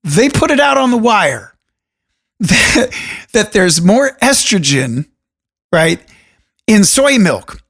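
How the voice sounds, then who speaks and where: A man hosting a solo podcast, talking alone into a studio microphone in a deliberate radio voice with jokey, rambling asides. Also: high voice, sing-song, vocal fry, a bit bright. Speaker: podcast host. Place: room alone.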